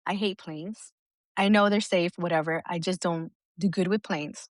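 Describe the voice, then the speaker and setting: A woman's voice: lowish voice, steady tone, moderate pace, dry recording. A middle-aged woman co-hosting a podcast in casual chat, talking bluntly with plenty of swearing and frequent laughter. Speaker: podcast co-host.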